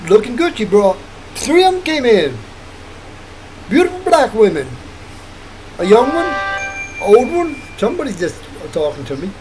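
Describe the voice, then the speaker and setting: A man's voice: extremely high pitch, very animated, moderate pace, pauses often, a little mellow, a little hiss or hum, rough recording. An older man rambling through a late-night monologue, wandering from thought to thought and laughing often. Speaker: vlogger.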